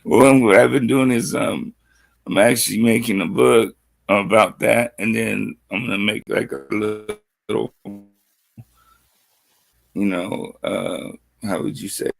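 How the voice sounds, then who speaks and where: Male guest, low gravelly voice, sleepy, halting rambling delivery with crude slang. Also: fairly even intonation. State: sleepy, just woke up. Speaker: livestream guest. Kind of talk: casual rambling storytelling.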